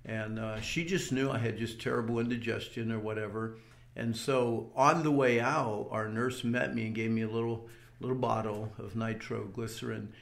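An older man tells his story in an interview with an earnest, plain delivery and frequent small restarts. His voice has a gravelly texture, and the sound carries the echo of a roomy space. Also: fairly low pitch, steady tone, normal speed. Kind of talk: personal testimony.

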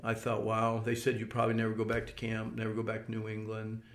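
A man's voice: fairly low pitch, monotone, fast talker, echoey room. An older man earnestly recounting a personal experience in an interview, often restarting his words. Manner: earnest storytelling with repeated restarts. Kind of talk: personal testimony.

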